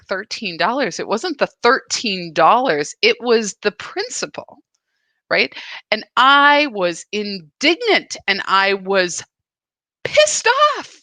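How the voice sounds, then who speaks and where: A woman's voice: mid-range voice, pushed and bright, no room sound. A woman hosting a daily spiritual practice, speaking earnestly and emphatically, often restarting her sentences as she reflects.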